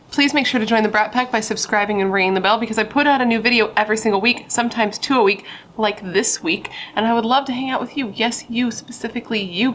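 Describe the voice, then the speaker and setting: Chatty woman doing true crime over a drink, bright voice, jokey and self-deprecating. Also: on the high side, slight background noise. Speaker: true crime video host. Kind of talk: casual storytelling while drinking.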